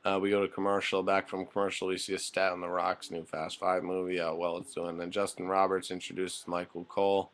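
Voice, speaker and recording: A man's voice: sits low, completely flat delivery, a little fast, hardly any pauses. A man giving a casual, rambling spoken recap of a wrestling show, full of fillers and offhand, blunt remarks.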